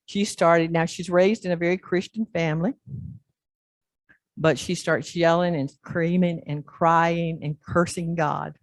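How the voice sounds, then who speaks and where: A woman's voice: lowish voice, a little slow, no room sound. Woman pastor telling a sermon story. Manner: animated storyteller, acts out scenes. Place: church.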